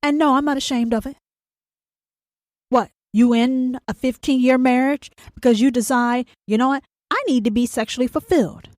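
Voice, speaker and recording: A woman with a somewhat high voice hosts a podcast in a confrontational, profane monologue. She fires rhetorical questions straight at the listener. The sound is close and dry, with no room around it. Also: steady tone, moderate pace, darkish tone, no echo. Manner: blunt, confrontational, rhetorical questions, heavy swearing. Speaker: podcast host.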